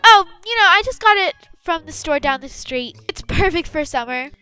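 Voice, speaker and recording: A woman voicing an excitable teenage schoolgirl in a game roleplay, talking in a chatty, dramatic way. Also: extremely high pitch, moderate pace, soft background music, heavily acted. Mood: defiant.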